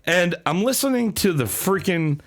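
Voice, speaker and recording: Animated, jokey male podcast co-host. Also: high-pitched, normal speed. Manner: jokey, animated, keeps slipping into a mock announcer voice. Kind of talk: casual comedic chat.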